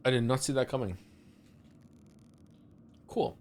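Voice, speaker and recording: A man's voice: medium pitch, big pitch swings, measured pace, pauses often, a little mellow. A man streaming a game, casually thinking aloud as he plays, trailing off and restarting mid-thought.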